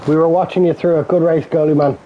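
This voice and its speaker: A man's voice: a little high, level tone, quick pace, dull audio, a little hiss or hum. A man co-hosting a racing stream, chatting casually, greeting drivers and grumbling about the game. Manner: friendly, congratulates drivers, resigned about game issues. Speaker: racing league co-host. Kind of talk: casual livestream chat.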